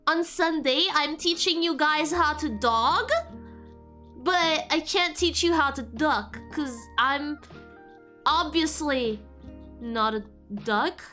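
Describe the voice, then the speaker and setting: Super high bright girly voice, giggly streamer lady chatting w chat, lofi music faint behind. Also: slow pace. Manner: giggly and playful, reacting to chat. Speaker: VTuber streamer. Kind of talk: casual livestream chat with viewers. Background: faint lo-fi background music.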